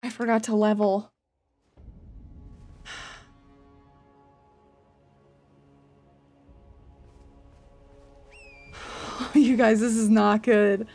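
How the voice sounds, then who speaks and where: A young woman with a high voice streams a video game, shrieking, swearing and laughing as things go wrong. Between the outbursts she talks to her chat at an unhurried pace, mocking herself. Faint music plays underneath. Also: little pitch movement. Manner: loud yelps, swearing and laughing reactions. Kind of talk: live gameplay commentary.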